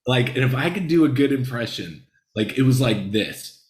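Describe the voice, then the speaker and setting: A man tells a story as an interview guest, rambling, swearing freely and acting out the people he describes. His voice sits at a middle pitch. The sound is roomy and echoey. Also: moderate pace. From Los Angeles, United States. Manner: rambling, profane, animated storyteller. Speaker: screenwriter guest. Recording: echoey room.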